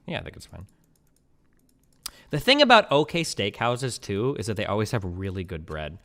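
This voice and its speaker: A man streaming, ranting casually about food with profane, animated, opinionated talk full of "like" fillers. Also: on the low side, normal speed. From United States. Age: 30s.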